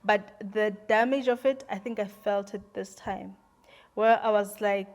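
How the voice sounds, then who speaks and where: A young woman, sharing a painful personal story to camera in an earnest, reflective way, pausing and repeating herself. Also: medium pitch, fairly even intonation, a little mellow. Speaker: vlogger. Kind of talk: emotional storytime chat to camera.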